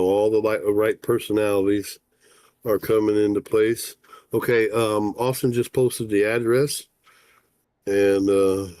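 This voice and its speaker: Low-voiced guy rambling on his fishing stream, folksy, lots of uhs, dry close sound. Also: darkish tone, no echo. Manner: folksy and rambling, with many "uh" fillers. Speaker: fishing guide and talk show host. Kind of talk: casual livestream chat.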